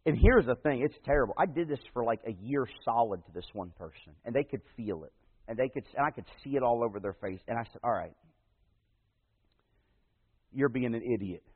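Man, pastor, folksy sermon, loud then hushed, medium pitch, long hall echo. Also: animated, fast, slightly rough. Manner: folksy storytelling preacher, swings from loud to hushed. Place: church. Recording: tinny phone-like radio broadcast in a big reverberant hall.

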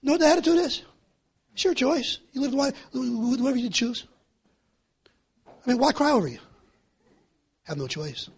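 A middle-aged man preaching a sermon, passionate and repetitive, rising to shouts and dropping to hushed pleas. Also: very high voice, fairly quick, pauses often, husky. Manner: impassioned, repetitive, swinging between shouting and hushed pleading. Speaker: pastor.

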